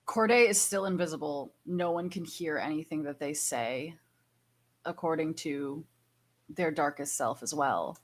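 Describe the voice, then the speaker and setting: A woman's voice: low-pitched, measured pace. A woman playing a tabletop game, talking casually and hesitantly, with frequent restarts. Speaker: player.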